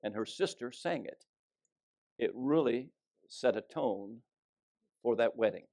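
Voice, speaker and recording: A man's voice: mid-range voice, expressive, a little slow, mellow. A middle-aged man, a pastor, preaching a sermon in a folksy storytelling way and reading scripture aloud. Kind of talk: sermon with jokes.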